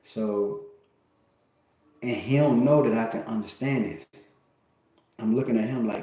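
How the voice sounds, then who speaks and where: A man's voice: lowish voice, a little slow, pauses often, dark tone. A man talking to his livestream in a casual, rambling monologue, cursing often and stumbling through fillers and restarts. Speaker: livestream host. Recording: very echoey room.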